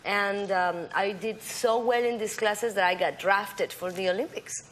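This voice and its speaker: A woman's voice: mid-range voice, a little slow, a little hiss or hum, rough recording. A woman with a Mexican accent, chatting as a talk-show guest and telling stories with lots of laughter. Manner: laughing, animated storytelling. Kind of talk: casual talk-show chat. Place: TV studio.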